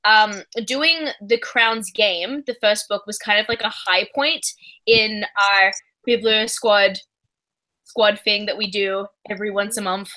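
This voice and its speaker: Bright-voiced woman, book-stream host, giggly, rambly, lots of ums. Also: medium pitch, fairly even intonation, takes it slowly, poor audio. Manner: giggly, rambling with many fillers. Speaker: host of a book discussion livestream. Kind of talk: casual chat.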